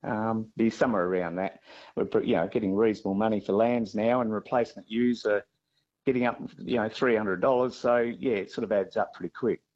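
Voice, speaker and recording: Halting Australian farmer on a dull line. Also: male voice, lowish voice, fairly even intonation, darkish tone. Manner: halting, with many fillers and restarts. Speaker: farmer interviewee.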